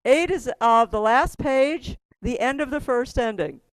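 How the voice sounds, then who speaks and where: A woman's voice: high voice, lively intonation, measured pace, no echo. A middle-aged woman teaching a keyboard class, giving step-by-step instructions in a chatty way and laughing often.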